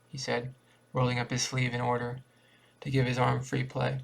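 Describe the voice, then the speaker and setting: A man reads a short story aloud in a plain, steady manner, now and then restarting a word. His voice is heavily creaky and gravelly at an ordinary middle pitch. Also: moderate pace. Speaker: reader.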